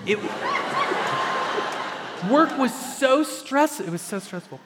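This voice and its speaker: A man's voice: very high voice, lively intonation, slow, big-room sound, over a noisy crowd, heavy background noise. A man hosting a talk show, playfully interviewing his guest.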